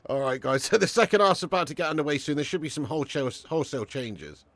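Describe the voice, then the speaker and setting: During a live football watch-along, a young man chats animatedly, swearing, bantering, and reading viewer comments aloud. He talks fast in a voice on the high side, with no echo.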